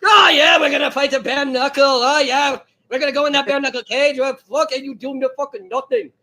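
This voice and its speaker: A man doing a cocky, shouting Irish brawler. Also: very high voice, steady tone, brisk, pitched above the performer's own voice, heavily acted. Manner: shouted, swaggering boasts. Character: brash Irish fighter impression, male, cocky.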